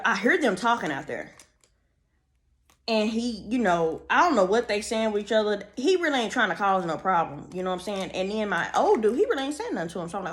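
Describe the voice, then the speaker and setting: A young woman telling a storytime tale to her viewers in a sassy, animated way, chatting through asides while she does her makeup. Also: medium pitch. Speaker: storytime vlogger. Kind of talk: casual storytime chat.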